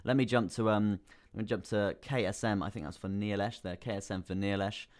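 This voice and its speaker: Deep-voiced casual man, chart talk. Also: fairly even intonation, brisk. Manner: casual, repeats phrases, calls viewers bro. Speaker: crypto livestream host. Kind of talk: live chart analysis, reading chat.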